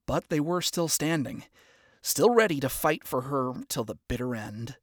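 A man narrating a dark story aloud with an expressive, dramatic delivery. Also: medium pitch, normal speed, no echo, clean studio sound.

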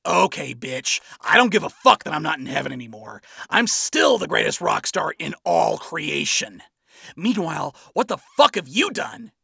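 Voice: mid-range voice, animated, normal speed, vocal fry, slightly rough, dry recording, studio quality, pitched above the performer's own voice, heavily acted. A narrator voicing an arrogant, crude male rock star in a fan story reading. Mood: contemptuous. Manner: crude, boastful, shouting. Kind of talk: amateur audiobook reading.

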